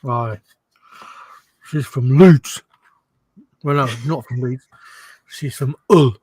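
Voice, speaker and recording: A man's voice: medium pitch, slow, darkish tone, husky, no room sound, low-quality recording. A man chatting as a guest on a livestream, hesitant and full of ums. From England. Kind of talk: casual chat.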